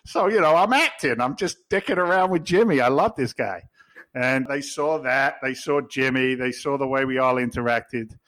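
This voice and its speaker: A man's voice: mid-range voice, normal speed, a bit bright, no room sound, low-quality recording. A middle-aged man with an English accent, a podcast guest telling stories in a blunt, jokey, swearing way. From England. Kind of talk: casual storytelling.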